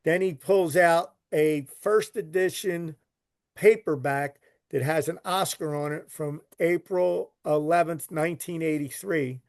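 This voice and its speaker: A man's voice: fairly high pitch, a little slow, no echo, studio quality. A man, a podcast guest telling a long story in a rambling way, repeating words and swearing casually. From Philadelphia. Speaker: podcast guest, recovery literature collector.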